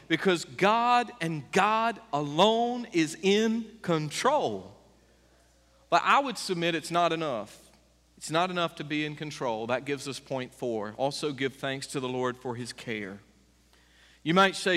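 Punchy male preacher, high-pitched, echoey church hall. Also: lively intonation, unhurried, pushed and bright. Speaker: pastor. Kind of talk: sermon.

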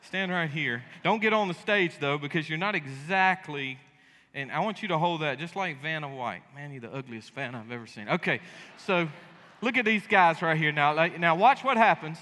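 Animated preacher in an echoey sanctuary. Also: male voice, fairly high pitch, moderate pace. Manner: animated, joking storytelling. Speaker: pastor. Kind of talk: sermon. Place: church sanctuary. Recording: echoey church hall.

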